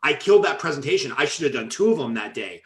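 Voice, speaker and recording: A man's voice: mid-range voice, sing-song, fast. A man hosting an interview, asking questions in a casual, conversational way. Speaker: host.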